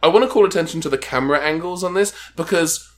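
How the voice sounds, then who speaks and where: A man's voice: a little high, quick pace. A man co-hosting a podcast, giving a sarcastic, rambling review of a film in casual chat. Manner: wry, sarcastic, rambling with restarts. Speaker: podcast co-host.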